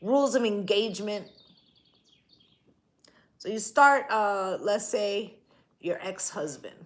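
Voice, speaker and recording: A woman's voice: mid-range voice, slow pace. A woman giving a tarot reading in a casual, blunt, profane way, often tagging her points with "right?". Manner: blunt, profane, emphatic, keeps asking "right?". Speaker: tarot reader.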